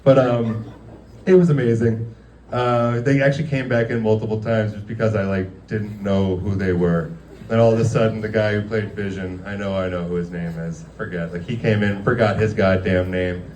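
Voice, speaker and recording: Doing casual stand-up in a dimly lit restaurant, a man in his thirties rambles and laughs through his stories before a live audience, saying "like" constantly. His voice is low, steady, and a little mellow at normal speed, recorded far from the mic with slight hiss or hum.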